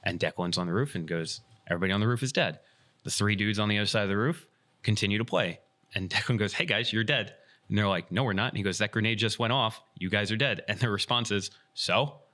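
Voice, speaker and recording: A man's voice: on the low side, fast talker. A man hosting a podcast, telling a story in casual chat and acting out the lines of the people in it. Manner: animated retelling, acts out quoted dialogue. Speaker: podcast host and airsoft field staff.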